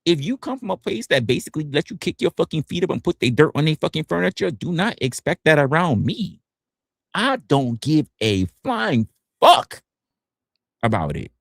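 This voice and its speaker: A man's voice: on the high side, very animated, normal speed, gravelly, no echo, clean studio sound. Blunt, profane man ranting on stream. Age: 40s. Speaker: livestreamer. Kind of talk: ranting livestream monologue. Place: home office.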